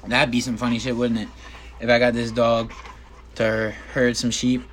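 A man's voice: mid-range voice, a bit bright, a little hiss or hum. A man hosting a casual solo podcast from his bedroom, rambling and joking with plenty of swearing. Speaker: podcast host.

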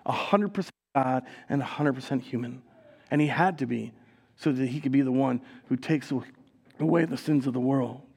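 A man preaching a sermon in a church as pastor, telling stories with animated delivery and acted-out voices. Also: medium pitch, normal speed, creaky, husky. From Minnesota. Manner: animated storytelling, acting out voices, laughs.

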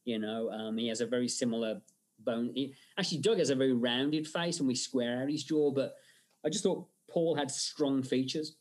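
A man speaks as an interview guest in a mid-range voice. He tells long stories, often doubling back with fillers and restarts. The feel is a relaxed, conversational podcast chat. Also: medium pitch, moderate pace. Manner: rambling storyteller, frequent fillers and restarts. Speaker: guest, film director and effects artist.

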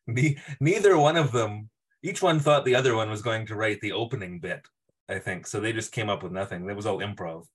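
A man's voice: fairly low pitch, a little fast, breathy edge. A man co-hosting a casual podcast, recapping episodes and laughing often as he mimics characters. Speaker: podcast co-host.

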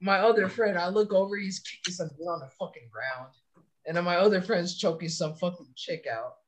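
A man's voice: high-pitched, a little fast, slight background noise. A young man from California, a soldier, telling long profane stories in casual chat. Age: young adult. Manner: profane, rambling storytelling. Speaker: soldier podcast guest.

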